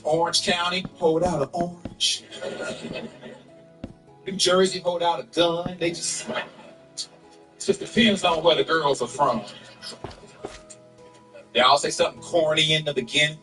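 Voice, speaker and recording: A man doing a loud, animated stand-up comedy set and laughing at his own jokes. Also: fairly high pitch, a little slow, long pauses, distant mic, faint music behind.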